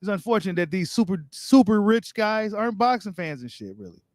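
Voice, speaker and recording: High-voiced man chatting on a boxing live stream. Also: sing-song, a little fast, dry recording, clean studio sound. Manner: casual, slangy, talks straight to viewers. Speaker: boxing channel host. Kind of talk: live-stream chat reading viewer comments.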